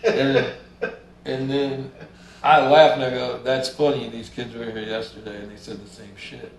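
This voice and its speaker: Gravelly and flat in delivery, his medium-pitched voice moves at a moderate pace. He's a musician being interviewed casually, easygoing, swearing a lot and acting out people's lines in his stories, recorded in a roomy space with faint ambience.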